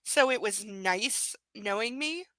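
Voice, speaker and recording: A woman reading the quoted lines of a controlling, self-assured young man in a measured, even voice close to her own. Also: mid-range voice, no echo.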